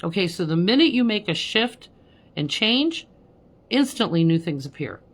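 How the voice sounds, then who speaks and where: A woman's voice: on the low side, sing-song, normal speed. A woman working as a spiritual medium, chatting on a live stream with viewers, laughing often and ending lines with "okay?".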